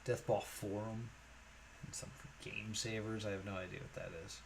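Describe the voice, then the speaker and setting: A man's voice: lowish voice, level tone, moderate pace, creaky, noisy background. A man streaming a puzzle game, thinking aloud in a musing, hesitant way with many fillers.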